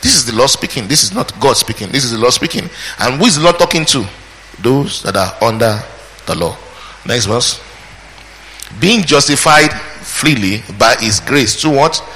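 Bright-voiced male preacher in a reverberant hall. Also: medium pitch, expressive, moderate pace, slight background noise. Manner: questioning the congregation, call and response. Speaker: preacher teaching scripture. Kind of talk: sermon, verse-by-verse Bible teaching. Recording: hall reverb, faint ambience.

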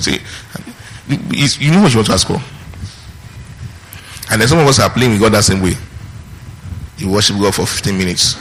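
Man, preacher, sermon, bright tense tone, quizzes the congregation. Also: lowish voice, lively intonation, big-room sound, a little hiss or hum, rough recording. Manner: teaching with questions to the congregation, pausing on key words.

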